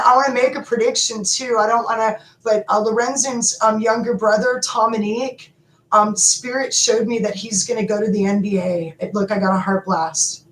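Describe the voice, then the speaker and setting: A middle-aged woman hosting a live stream, talking to viewers in an animated, emotional and rambling way, often laughing. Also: mid-range voice. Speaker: livestream host. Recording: echoey room with faint background noise.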